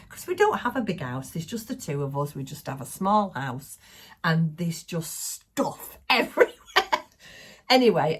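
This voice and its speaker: A middle-aged woman hosting a crafting channel, chatting excitedly to the camera at home and laughing often. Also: low-pitched, breathy edge. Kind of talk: casual chat to camera. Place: small home craft room.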